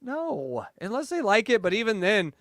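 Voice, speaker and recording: Animated, high-voiced ranting man. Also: moderate pace, no room sound, clean studio sound. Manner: loud, laughing, animated ranting. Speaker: podcast co-host. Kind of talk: casual crude banter.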